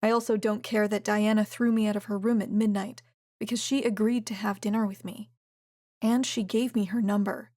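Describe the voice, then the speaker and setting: Woman, audiobook narrator, steady reading, mid pitch, dry close mic. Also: no room sound. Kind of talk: first-person romance audiobook narration.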